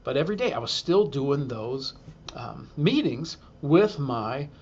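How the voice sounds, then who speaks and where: A man's voice: mid-range voice, lively intonation, measured pace, a little mellow, highs cut off. A man, a school superintendent, telling a humorous self-deprecating story to an audience and acting out the quotes.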